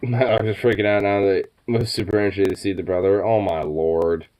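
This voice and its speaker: A man's voice: lowish voice, fairly even intonation, moderate pace, warm tone. A young man chatting late at night to his pets, stoned and sleepy, cooing baby talk, swearing, laughing often. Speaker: vlogger.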